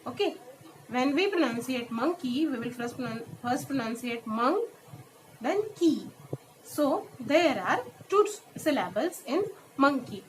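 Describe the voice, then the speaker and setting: A woman teacher with an Indian English accent, giving a classroom lesson in English and Hindi, explaining step by step and repeating each example word slowly. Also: high-pitched, animated, a little hiss or hum, poor audio. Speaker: school teacher. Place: school.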